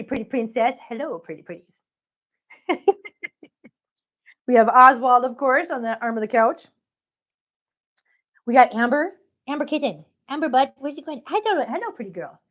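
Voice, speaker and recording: A woman's voice: on the high side, normal speed, long pauses, fairly bright tone, dull audio. Woman cooing baby talk at her cats. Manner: affectionate baby talk to pets; laughs often. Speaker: vlogger showing her cats. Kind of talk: casual live-stream chat. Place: home living room and outdoor catio. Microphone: handheld phone, walking around.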